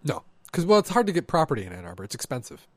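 Male podcast co-host, deadpan, slightly high voice, dry studio mic. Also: rapid-fire, dry recording. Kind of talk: casual chat. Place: lives in Michigan.

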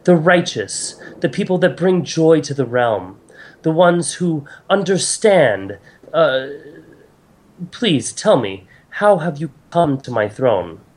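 A man's voice: on the high side, sing-song, voice pushed up, exaggerated voice. A man voicing a gracious giant elven goddess. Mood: solemn. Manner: earnest, halting, stumbles over words. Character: towering silver-haired elven goddess, gracious and solemn. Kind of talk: game master voicing a character.

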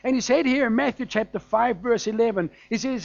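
A man's voice: extremely high pitch, a little fast, creaky, dry recording, lo-fi sound. A man with a German accent preaching a sermon in a conversational, anecdotal way, with frequent fillers and chuckles.

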